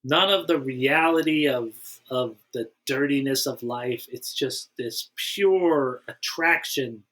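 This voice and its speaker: A man's voice: medium pitch, slow pace, fairly bright tone. A man hosting a casual movie podcast, fondly retelling scenes in a rambling way. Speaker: podcast host. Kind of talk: casual film chat.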